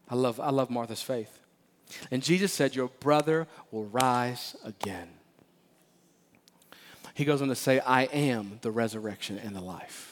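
Lively pastor preaching a sermon. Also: male voice, on the high side, moderate pace. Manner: animated and playful, acting out Bible figures; repeats phrases, emphatic delivery. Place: church sanctuary.

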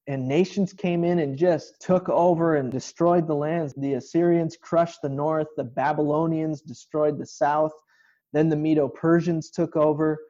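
A man's voice: fairly high pitch, warm tone, lo-fi sound. A male pastor giving an informal online sermon from a home kitchen, explaining scripture in a conversational way.

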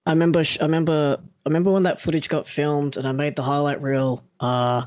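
Young Aussie male podcast host, slightly high voice, animated storyteller, dry close mic. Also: fast, no room sound, dull audio. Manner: animated storyteller, swears freely, acts out quotes. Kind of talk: casual podcast interview.

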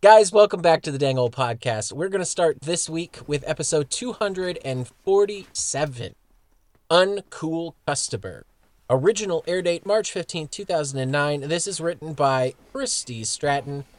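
A man's voice: on the high side, expressive, moderate pace, no echo. A man co-hosting a casual podcast, joking and sometimes tripping over his words. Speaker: podcast co-host.

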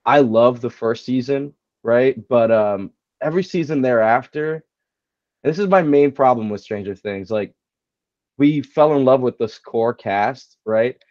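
A man co-hosting a casual chat, wry and joking in quick asides. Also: medium pitch, no echo, highs cut off. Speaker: podcast co-host.

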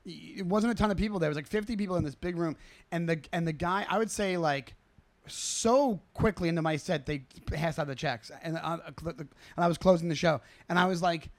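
A male comedian co-hosting a podcast, telling a story in casual chat, animated and swearing freely as he acts out quotes. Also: a little high, fairly quick.

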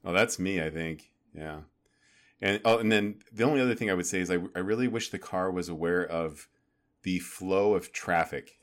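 Deep-voiced man telling anecdotes. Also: moderate pace. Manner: storytelling, animated asides and mock quotes. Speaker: podcast co-host. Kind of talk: casual chat.

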